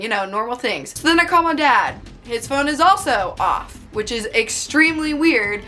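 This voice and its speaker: A young woman vlogger telling a dramatic story-time tale in an animated, breathless way. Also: on the high side, moderate pace, hardly any pauses, soft background music. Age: young adult.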